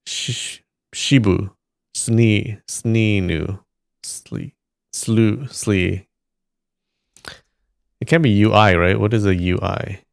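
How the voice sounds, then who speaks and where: A man streaming live, thinking aloud and slowly sounding out syllables as he works through a word puzzle. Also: fairly low pitch, fairly even intonation, creaky, no room sound, clean studio sound. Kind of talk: casual muttering while solving a word puzzle.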